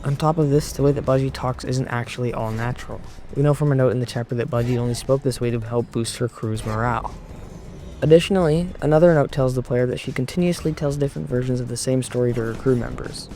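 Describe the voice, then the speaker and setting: A man giving a measured, explanatory scripted narration for an online video essay, recorded close to a mic. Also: medium pitch, dark tone. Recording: voice-over with faint background music.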